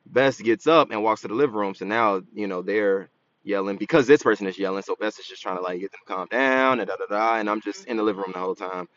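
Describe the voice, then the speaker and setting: Chill guy cohosting a podcast, lowish voice, kinda muffled. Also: fast, fairly bright tone. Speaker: podcast co-host. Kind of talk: casual chat.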